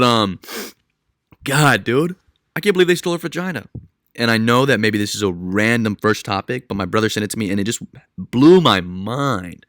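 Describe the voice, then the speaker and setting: A young man with a lowish voice rants on his podcast, rambling and incredulous. He swings from loud, disbelieving outbursts down to mumbled asides. The sound is dry and close, with no room around it. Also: no echo. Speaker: podcast host. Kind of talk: casual solo podcast rant.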